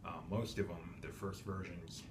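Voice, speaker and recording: Low-voiced guy rambling through a toy unboxing, echoey room with audible hum. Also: normal speed. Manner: rambling, self-correcting, many ums. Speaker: toy collector vlogger. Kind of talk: casual unboxing narration. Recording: echoey room with steady background noise.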